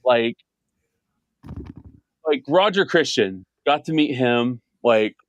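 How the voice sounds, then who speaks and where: A man's voice: medium pitch, lively intonation, slow, muffled recording. A man chatting casually as a podcast host, rambling with many fillers and restarts. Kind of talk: casual chat.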